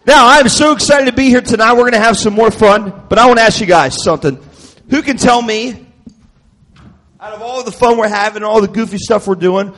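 Man, high voice, goofy teasing kids' preacher, call-and-response, echoey hall. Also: fairly bright tone. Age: adult. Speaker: children's minister. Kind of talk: playful children's sermon with call-and-response. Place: church youth event hall.

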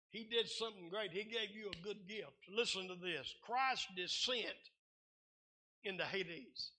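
A man's voice: sits high, sharp tone. A man with a Southern US accent preaching a fervent sermon as pastor, calling out hallelujahs and amens.

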